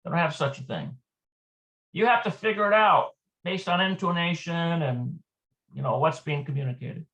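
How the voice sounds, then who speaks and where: A man's voice: on the high side, normal speed, fairly bright tone. A man teaching an informal Hebrew lesson, thinking aloud as he explains each point. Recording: dull lo-fi recording.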